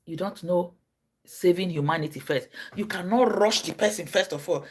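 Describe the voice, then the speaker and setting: A Nigerian woman telling stories on her livestream. She acts out the people in them, jumping from a low murmur to high cries and shouts. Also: moderate pace, husky. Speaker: livestream host. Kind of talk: casual storytelling.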